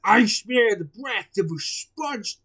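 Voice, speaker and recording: A storyteller voicing a giant sea monster, shouting in a booming, drawn-out voice. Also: expressive, slightly rough, full character voice. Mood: menacing.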